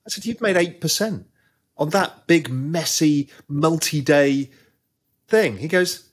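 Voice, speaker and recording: A man, a former trader, telling a long anecdote in an interview with quick asides. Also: on the high side, husky. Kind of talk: storytelling interview.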